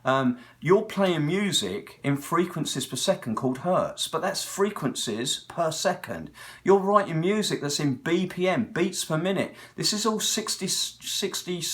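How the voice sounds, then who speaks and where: A man's voice: mid-range voice, a bit bright. Rambling British man in his sixties. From Britain. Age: 60s. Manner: digressive, talkative, tangent-hopping storyteller. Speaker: guitar technician. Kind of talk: casual rambling monologue.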